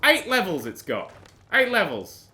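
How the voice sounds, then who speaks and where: A man's voice: high-pitched, wildly swooping pitch, measured pace, bright, forceful tone, a little hiss or hum. Sarcastic sweary British man ranting. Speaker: gaming YouTuber. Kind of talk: sweary game commentary.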